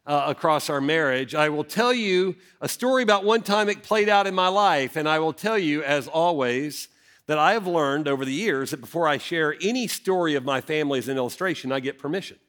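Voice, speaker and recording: A middle-aged man, a senior pastor preaching a sermon and telling a family story with dramatic swings in his voice. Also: brisk. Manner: animated, dramatic storyteller with big swings in pitch.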